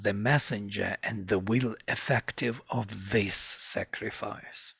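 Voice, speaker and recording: A man teaching a lecture on ancient scripture, speaking deliberately and chanting verses in a measured rhythm. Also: fairly low pitch, vocal fry, a bit bright, slightly rough, dry recording, clean studio sound.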